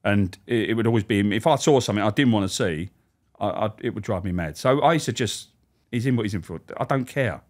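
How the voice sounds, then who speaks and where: A man's voice: on the low side, expressive, quick pace. Blunt, sweary man telling prison stories. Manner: blunt, sweary, rambling with restarts. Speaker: former prison officer. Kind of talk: casual storytelling interview.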